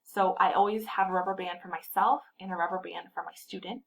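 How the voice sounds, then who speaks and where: Woman explaining a tutor tip, calm and clear, says example words slowly and carefully. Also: fairly low pitch, poor audio. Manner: clear, patient teacher modeling word stress slowly. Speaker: literacy tutor trainer.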